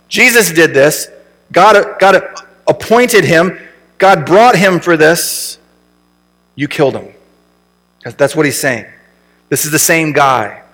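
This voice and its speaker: Pastor preaching in a reverberant hall. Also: male voice, high voice, lively intonation, unhurried, fairly bright tone. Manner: conversational preaching with frequent rhetorical questions. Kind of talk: sermon. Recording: long reverb from a large room.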